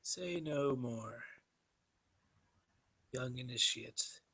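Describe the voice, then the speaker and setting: A man voicing a shriveled, sinister old male bishop who speaks in a soft, raspy hush. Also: mid-range voice, heavily acted. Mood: solemn. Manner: slow, solemn, hushed.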